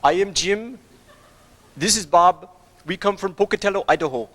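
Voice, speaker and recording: A man's voice: sits high, moderate pace, fairly bright tone. A man in a comedy act, speaking in an earnest, mock-formal way on a festival stage. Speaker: street performer.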